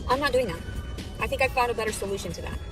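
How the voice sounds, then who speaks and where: Angry woman ranting fast and swearing nonstop, kinda high voice. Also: over music. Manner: ranting, furious, heavily profane. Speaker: vlogger in clips. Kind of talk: angry monologue to camera.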